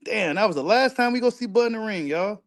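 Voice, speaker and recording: A man talks in a high, excitable register as he reacts to a video. He repeats lines for emphasis and drops curse words freely, in loose casual commentary. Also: quick pace. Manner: repetitive, emphatic, profane street talk.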